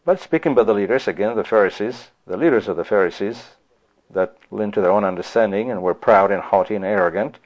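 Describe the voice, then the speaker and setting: A man's voice: on the low side, quick pace, a little mellow. A man preaching a sermon in a rhetorical style, often breaking off with "you see" and "you know" asides. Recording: dull lo-fi recording.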